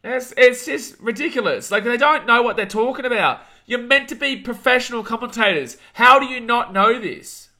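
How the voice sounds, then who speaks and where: A young Australian man hosting a live watch-along of a rugby league match, calling the play, reading chat and ranting, shouting at big moments. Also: very high voice, normal speed, few pauses. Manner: excitable, rants, shouts at big plays.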